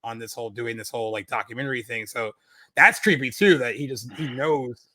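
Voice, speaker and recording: A man's voice: mid-range voice, fairly quick, bright, forceful tone, no echo. A man casually talking through a horror film on a podcast, rambling with lots of filler words as he retells scenes. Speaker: podcast co-host.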